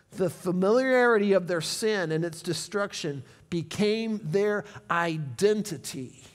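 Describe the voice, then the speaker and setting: Impassioned high-voiced male preacher. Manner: impassioned, swinging from loud shouts to low asides. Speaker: interim pastor. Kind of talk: sermon. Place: church sanctuary. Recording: long reverb of a church hall.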